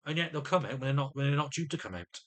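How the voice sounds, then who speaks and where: A man's voice: mid-range voice, expressive, very fast. A middle-aged man in an agitated personal rant to camera, often stumbling and repeating words as he vents. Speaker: vlogger.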